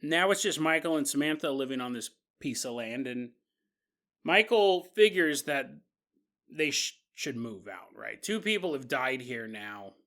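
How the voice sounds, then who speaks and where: A man hosting a podcast, telling a spooky story in an animated, conversational, jokey way. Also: mid-range voice, measured pace. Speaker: podcast host. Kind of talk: storytelling narration.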